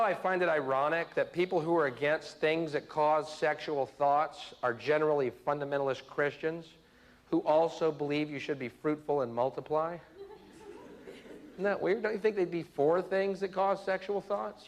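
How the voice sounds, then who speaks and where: A young man doing a provocative stand-up routine in front of a live audience, with mock-innocent asides. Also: a little high. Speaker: stand-up comedian. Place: comedy stage before a live audience. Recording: live stage tape with clear hiss.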